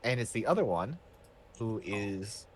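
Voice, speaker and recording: A man's voice: lowish voice, lively intonation, measured pace, slight background noise. A man running a tabletop game as game master, talking casually with many restarts.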